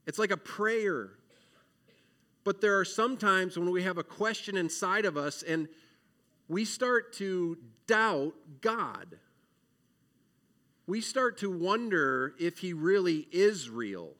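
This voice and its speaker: Man preaching to kids, earnest, emotional, bright tense voice, fairly high pitch. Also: animated, takes it slowly. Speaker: children's minister. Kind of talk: children's sermon.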